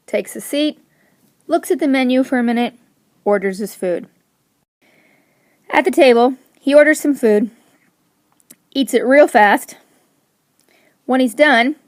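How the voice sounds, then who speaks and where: Brief: woman teacher, slightly high voice, playful and emphatic as she explains to students. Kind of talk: recorded classroom lesson.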